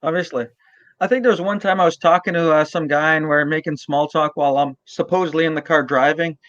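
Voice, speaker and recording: Chatty host with dull lo-fi sound. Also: male voice, fairly high pitch, fairly even intonation, fast, fairly bright tone, no echo. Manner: chatty and joking, stammering restarts. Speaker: podcast host. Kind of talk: casual interview chat.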